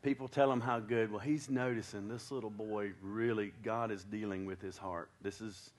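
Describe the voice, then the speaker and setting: A man's voice: lowish voice, steady tone, moderate pace. Folksy man preaching a story-sermon. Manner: folksy, joking asides to the congregation.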